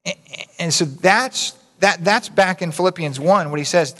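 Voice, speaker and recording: A man's voice: on the high side, expressive, moderate pace, a bit bright. A man preaching a sermon in a conversational, folksy way, with asides to the congregation. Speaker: pastor. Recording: reverberant hall.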